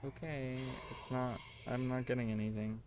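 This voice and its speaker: A man live-streams a game and talks casually to his viewers as he plays. He sits at a middling pitch and chats along. He is quick to get flustered and exasperated, with a faint hiss underneath. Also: steady tone. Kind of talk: casual livestream chat while gaming.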